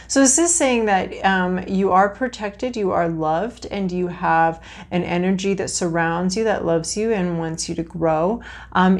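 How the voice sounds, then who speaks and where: A woman reading tarot cards to camera in a casual, frank, chatty way, thinking aloud as she draws. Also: mid-range voice. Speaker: tarot reader.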